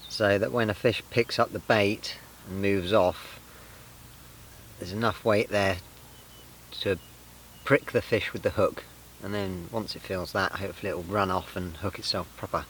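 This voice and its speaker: A man's voice: deep voice, steady tone, a little slow, a bit bright, slight background noise, poor audio. Chatty angler man by the water. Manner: chatty, self-deprecating, explains tackle step by step. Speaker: angler vlogger. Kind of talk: casual outdoor fishing vlog. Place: outdoors by a fenland lake.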